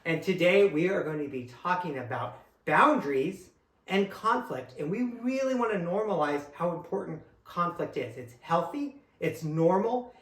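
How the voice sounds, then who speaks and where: A man co-hosting a casual talk about work boundaries, animated and acting out what others say. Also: on the high side, recorded from a distance. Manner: animated, acts out quoted lines. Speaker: co-host. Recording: echoey room.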